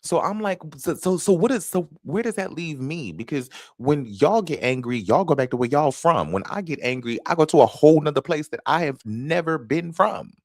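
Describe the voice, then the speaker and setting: Animated Southern man chatting with viewers. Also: a little high, moderate pace, few pauses, no room sound, clean studio sound. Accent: Southern US, North Carolina. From Fayetteville, North Carolina. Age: 30s. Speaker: host. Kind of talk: casual livestream chat.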